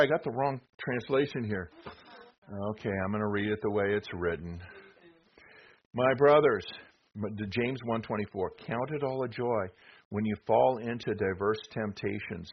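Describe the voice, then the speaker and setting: A man's voice: fairly low pitch, a little slow. A middle-aged man preaching conversationally, reading scripture aloud between rhetorical questions and asides to the congregation. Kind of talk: sermon with slides. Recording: dull lo-fi with faint noise.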